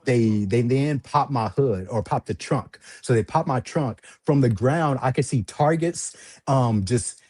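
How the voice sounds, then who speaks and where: Husky man telling a lively story. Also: measured pace, no room sound. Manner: animated, laughs often, jumps into high voices when quoting. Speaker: livestream host telling a story. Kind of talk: casual storytelling.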